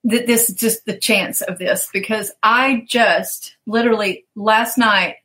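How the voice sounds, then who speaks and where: A woman's voice: mid-range voice, fairly even intonation, unhurried, bright, forceful tone, low-quality recording. A woman coach telling stories in a casual interview, animatedly acting out the people she quotes and laughing often.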